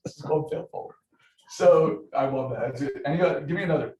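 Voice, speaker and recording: A man's voice: on the high side, fast, crowd noise. Upbeat man coaching a room. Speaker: training session leader. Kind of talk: lively group training talk. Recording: roomy echo, distant mic, faint noise.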